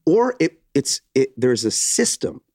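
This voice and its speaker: In a clean studio recording with no echo, a podcast co-host with a mid-range voice tells a story at an unhurried pace during casual chat. He's an animated storyteller, acting out quotes and swearing freely.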